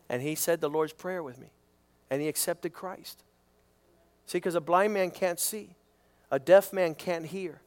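High-voiced preaching pastor, man. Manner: preaching with emphatic repetition and rising questions. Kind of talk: sermon.

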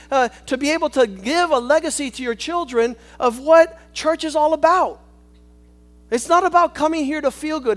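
Very high-voiced male preacher. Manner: swings between shouting and hushed asides; rhetorical, calls for amen. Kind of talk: sermon.

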